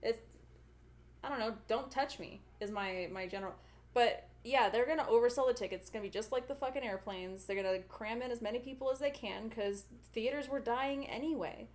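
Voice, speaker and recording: A woman's voice: a little high, a little fast. A woman co-hosting a podcast in casual chat, blunt and ranting, swearing freely. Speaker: podcast co-host.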